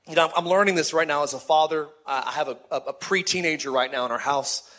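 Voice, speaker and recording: A middle-aged man, a lead pastor, preaching a sermon in a lively, conversational way with repeated phrases. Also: a little high, fast talker.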